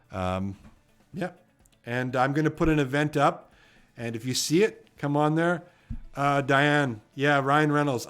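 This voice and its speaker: This trivia live stream is run by a man with a Canadian accent and a medium-pitched voice. His hosting is relaxed and meandering, and he often lets his words fade off softly.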